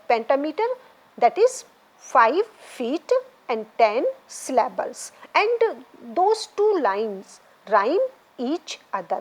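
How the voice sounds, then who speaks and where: On a rough recording, a woman teaching English literature lectures her class in a high voice with wide swings in pitch. She moves slowly and repetitively through her explanations, frequently checking in with "okay?" or "right?".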